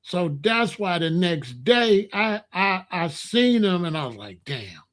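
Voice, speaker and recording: Man, casual streetwise storyteller, voice a touch high. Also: slow pace, fairly bright tone. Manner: loose, streetwise, drops into low murmurs. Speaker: storyteller host.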